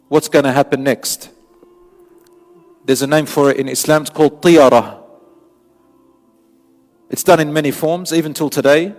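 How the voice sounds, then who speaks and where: Earnest male preacher in reverberant hall. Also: a little high. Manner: earnest, emphatic, with repeated phrases. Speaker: Islamic preacher. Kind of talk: sermon. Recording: long hall reverb, faint music.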